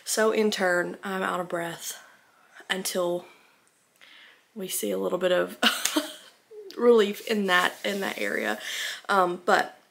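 A woman's voice: mid-range voice, very animated, takes it slowly, creaky, pauses often, fairly bright tone. A young woman from Alabama, chatting casually in a rambling home vlog, a little out of breath. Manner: rambling, filler-heavy, chatty. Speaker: vlogger.

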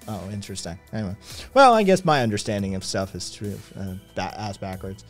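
A man's voice: medium pitch, expressive, normal speed, faint music behind. Sarcastic rambling man chatting with viewers. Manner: rambling, swearing, sarcastic, many fillers. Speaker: streamer. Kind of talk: casual live-stream chat with viewers.

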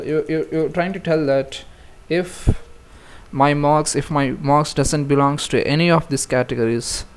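A man explains programming steps in a relaxed, conversational way, filling pauses and restarting sentences as he works through the code on screen. His voice sits at an ordinary middle pitch, recorded close on a desktop mic. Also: a little hiss or hum. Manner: casual, talks through steps with many fillers and restarts. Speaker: programming tutor. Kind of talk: screen-recorded coding tutorial.

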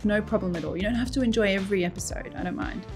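A woman's voice: mid-range voice, racing, music in the background. A middle-aged woman hosting a cooking channel, reading comments aloud in a playful, giggly way with frequent laughter.

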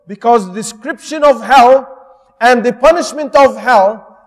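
High-voiced man teaching slowly in a hall. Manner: measured storytelling, addresses listeners directly. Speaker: Islamic teacher. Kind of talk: verse-by-verse Quran lesson.

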